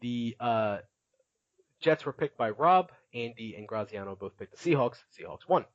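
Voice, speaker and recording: A man's voice: medium pitch, animated, moderate pace, no echo, dull audio. Chatty laughing male podcast host. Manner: chatty, laughs often, recaps with filler words. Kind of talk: casual podcast chat.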